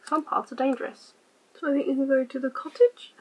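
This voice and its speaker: A woman hosting a casual let's-play, quietly reading game text aloud and muttering her choices. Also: high-pitched, fairly even intonation, a little fast, a little hiss or hum, low-quality recording. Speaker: gaming channel host.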